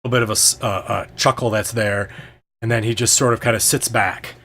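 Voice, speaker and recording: A man's voice: fairly low pitch, fairly even intonation, a little fast, fairly bright tone, slight background noise. A man as game master, narrating a tabletop game in a hesitant way with many ums and restarts.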